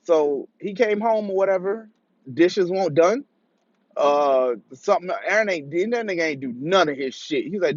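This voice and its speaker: A man's voice: high-pitched, animated, normal speed, no echo. A man telling a casual, profane story as a monologue and acting out the voices he quotes. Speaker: vlogger. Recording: dull lo-fi dry recording.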